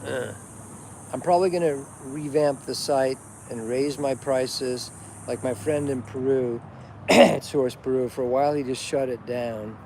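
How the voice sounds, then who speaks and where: A man hosts a casual livestream, delivering an unscripted rant that is blunt and preachy, with frequent swearing. His medium-pitched voice is steady, unhurried and a little mellow, with slight background noise.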